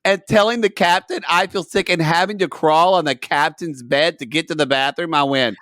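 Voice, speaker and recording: A man co-hosting a casual podcast, telling stories with animated quoted voices. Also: fairly high pitch, moderate pace, dry recording, clean studio sound. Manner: chatty storyteller, animated quoting. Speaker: podcast co-host. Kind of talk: casual chat.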